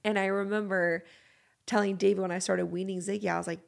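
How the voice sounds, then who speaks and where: A woman's voice: medium pitch, level tone, a little fast, gravelly. A woman in her thirties hosting a podcast, chatting casually in a frank, candid way and swearing freely. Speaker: podcast host.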